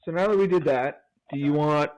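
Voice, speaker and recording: A man's voice: fairly high pitch, brisk, darkish tone, highs cut off, slight background noise. A man co-hosting a podcast in casual chat, telling stories with frequent laughter. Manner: storytelling, laughs often. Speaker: podcast co-host.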